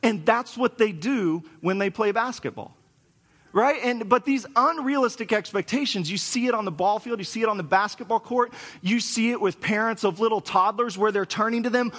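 Man, forties, pastor, sermon, high voice, earnest, conversational. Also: normal speed, a bit bright. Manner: earnest, conversational preaching with storytelling asides.

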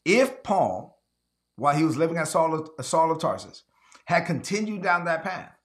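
A man delivering an emphatic sermon as a pastor, his voice sitting a little higher than most men's. He slows down to press home key words and repeats phrases for effect. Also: very animated.

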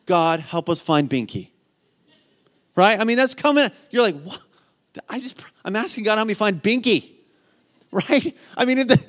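Male pastor, sermon delivery, animated, voice pitched a bit high. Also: normal speed, pauses often. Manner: animated storytelling, rising to near shouting at climaxes; asks the congregation "right?" again and again.

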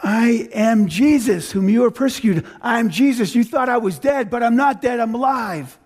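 A man preaching as Jesus speaking to Paul, slow and declaring, lifting his voice. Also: darkish tone. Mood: commanding. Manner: slow, declaring, raised pitch. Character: risen Jesus, man, commanding and tender.

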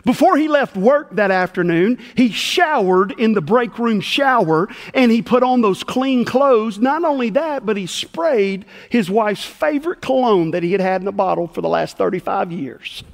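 A man's voice: sits high, moderate pace, gravelly, few pauses. A man preaching a sermon as pastor, telling a story and acting out the voices of the people in it. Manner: animated storyteller, acts out voices in his tale. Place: church sanctuary. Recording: long hall reverb.

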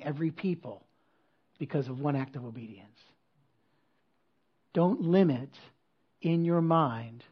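A man with a husky, slightly high voice preaches a sermon from a church stage. He talks to the congregation in a conversational way, full of rhetorical questions and quick asides. The recording sounds dull and muffled. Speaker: pastor.

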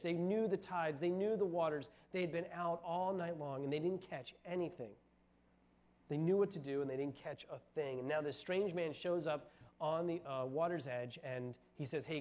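A pastor with a high-sitting male voice preaches a sermon, telling a Bible story in an animated way and acting out the quoted voices.

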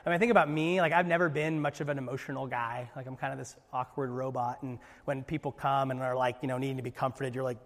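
A male pastor preaching a sermon in a church hall, earnest, with joking asides, swinging from loud to hushed. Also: medium pitch, steady tone, fast, hardly any pauses.

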